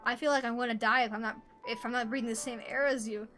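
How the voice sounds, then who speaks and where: A woman voicing a shy, obsessive young woman confessing her love in a hushed, intense way while reading game dialogue aloud. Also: on the high side, steady tone, fast, soft background music, voice pushed down.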